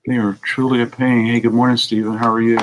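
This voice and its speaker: Here a medium-pitched male voice talks fast with a flat delivery over a noisy background. The speaker, an American who owns a record shop, is casually vlogging while going through used CDs, rambling and muttering side comments to himself.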